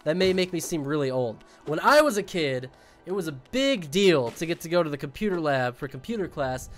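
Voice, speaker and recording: A man's voice: on the high side, animated, brisk, soft background music. A man chatting casually to his viewers while streaming a game, joking and rambling. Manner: jokey, rambling, talks to chat while playing. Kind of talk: casual gaming stream chat.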